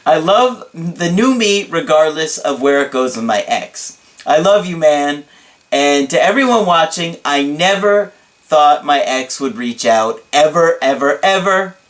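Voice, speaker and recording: A man voicing an excitable young male client who reads out his thanks in a dramatic, drawn-out way. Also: on the high side. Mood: effusive. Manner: drawn-out, emphatic delivery.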